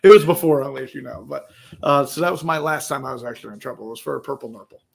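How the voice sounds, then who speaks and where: A man, a podcast guest, telling an animated casual story, acting out the quotes and tagging "right?" onto his lines. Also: mid-range voice, very fast, creaky. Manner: animated, acts out quotes, says "right?" often.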